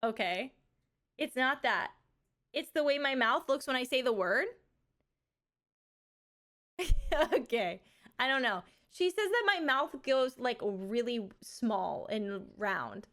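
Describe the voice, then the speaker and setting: Chatty and giggly, a young female livestreamer talks casually with her live audience, drawing out words through a slight lisp. Her voice sits on the high side, expressive and sharp in tone.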